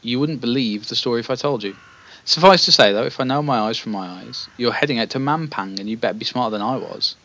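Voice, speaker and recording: A man's voice: mid-range voice, fast talker, fairly bright tone, lo-fi sound, natural voice. A man voicing a feeble, wiry old man with a Cockney accent who rambles on. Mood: chatty. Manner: rambling, jabbering.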